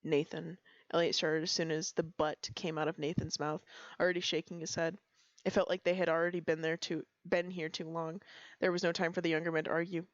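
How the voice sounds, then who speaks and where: A woman's voice: fairly low pitch, level tone, fast, no echo, muffled recording. A woman casually reading roleplay stories aloud on a stream, often breaking into giggles. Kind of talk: casual read-aloud storytelling.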